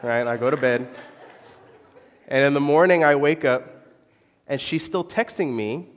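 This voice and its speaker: A young adult man and pastor telling a personal story in a sermon, animated, confessional and poking fun at himself. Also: mid-range voice, unhurried. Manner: animated, confessional, self-mocking. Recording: long echo of a large hall.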